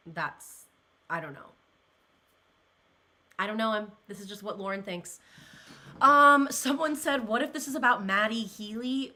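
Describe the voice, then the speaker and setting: A young woman chats casually to her viewers in a bright, ringing voice. She rambles and gushes, her pitch leaping around as she gets emotional. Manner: gushing, rambling, many "like"s, emotional. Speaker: pop culture vlogger. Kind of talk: casual chat, reacting to comments.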